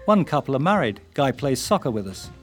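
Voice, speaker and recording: A man's voice: mid-range voice, big pitch swings, brisk, faint music behind, pitched above the performer's own voice, natural voice. An older English man voicing his younger self, a polite English student asking careful questions.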